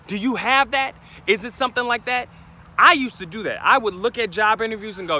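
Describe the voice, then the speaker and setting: A man's voice: high voice, lively intonation, brisk, pushed and bright. A man giving an emphatic motivational talk outdoors, speaking straight to his listeners. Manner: emphatic, preachy, addresses listeners directly.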